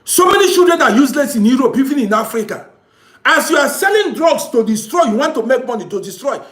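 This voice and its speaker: Male commentator, preachy and repetitive, lively delivery, roomy echo. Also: very high-pitched, quick pace. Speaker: social commentator. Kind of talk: impassioned moral monologue.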